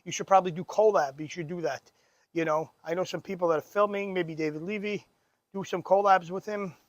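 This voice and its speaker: A man's voice: high voice, steady tone, brisk, dry recording. A man co-hosting a podcast, telling stories in casual chat, often laughing and stumbling over restarts. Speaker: podcast co-host.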